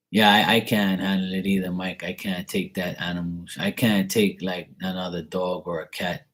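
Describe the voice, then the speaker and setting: A man's voice: low-pitched, little pitch movement, unhurried, pauses often, a bit bright. A man, a tarot reader, chatting casually and candidly with his live-stream viewers in a rambling, laid-back way.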